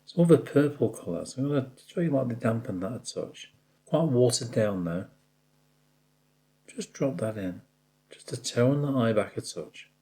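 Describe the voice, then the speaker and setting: A man's voice: medium pitch, expressive, normal speed, dark tone. A man giving a step-by-step watercolour painting tutorial, chatting directly to the viewer and joking about his own slips.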